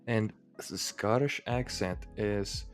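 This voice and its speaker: A man's voice: lowish voice, slow, soft background music. A man with a Bulgarian accent, a guest in a casual stream chat, telling rambling, profane stories.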